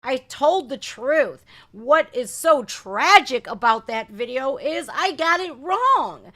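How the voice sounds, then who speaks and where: Taking her time, a reaction channel host delivers heated live commentary in a high, animated, pushed and bright voice. She swears and fires off rhetorical questions as her indignant rant builds.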